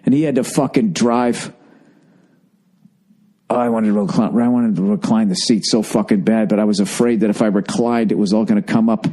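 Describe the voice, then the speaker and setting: A man's voice: on the low side, fairly even intonation, brisk, mellow. Profane, ranting middle-aged man. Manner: profane, exasperated, comic ranting. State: overfull and thirsty. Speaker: podcast host. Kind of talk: rambling solo podcast monologue.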